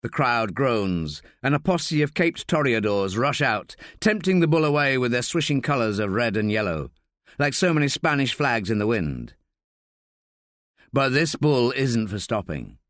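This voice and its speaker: A man's voice: mid-range voice, big pitch swings, a little slow, no room sound, clean studio sound. A man narrating a tense thriller audiobook in a dramatic reading style. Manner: dramatic, voices shouted dialogue.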